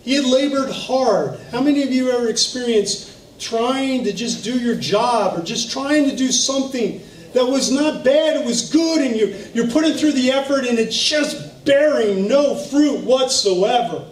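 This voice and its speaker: High-voiced preacher in an echoey church. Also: male voice, a little slow. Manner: storytelling, animated, with laughs. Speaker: pastor. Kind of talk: sermon. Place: church sanctuary. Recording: echoey room from far off, faint noise.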